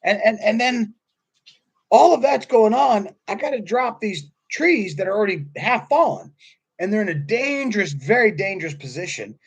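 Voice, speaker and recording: A man in his fifties giving a casual sermon, telling stories in a husky voice that swings from quiet asides to loud bursts. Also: sits high, normal speed. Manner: animated storytelling, swings from quiet to loud, laughs often. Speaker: pastor.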